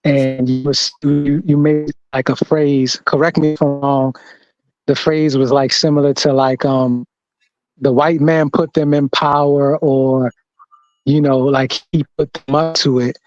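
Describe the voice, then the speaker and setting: A man on a discussion panel asking a thoughtful question, halting and searching for words. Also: mid-range voice, level tone, a little mellow, dry recording, faint music behind. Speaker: panel guest. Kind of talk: casual discussion. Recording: dull lo-fi sound.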